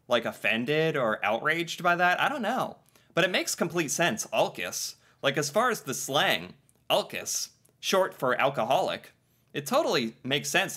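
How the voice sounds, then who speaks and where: A man's voice: medium pitch, bright, forceful tone. A man chatting casually about slang, laughing often and thinking aloud as he goes. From United States. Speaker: co-host.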